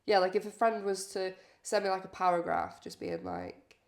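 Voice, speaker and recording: A woman with a northern English accent, chatting casually as a podcast guest and agreeing often with quick repeated yeahs. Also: medium pitch, sing-song. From northern England. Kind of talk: casual chat.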